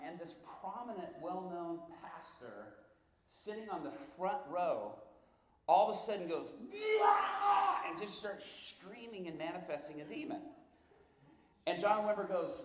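A middle-aged male pastor telling a story in a sermon, animated and rambling, restarting often and acting out the voices of the people in it. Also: on the high side, a little hiss or hum. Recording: roomy hall with faint ambience.

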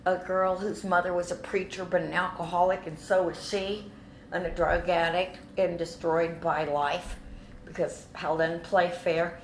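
A woman telling a personal faith testimony as an animated story, with frequent restarts and repeated words. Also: on the low side, roomy sound, slight background noise. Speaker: speaker giving a personal testimony.

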